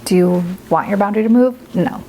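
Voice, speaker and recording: Warm young woman giving chatty parenting advice. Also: medium pitch, a little fast, slight background noise, low-quality recording. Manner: chatty, earnest, many filler "like"s. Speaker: parent vlogger. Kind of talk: casual parenting advice talk.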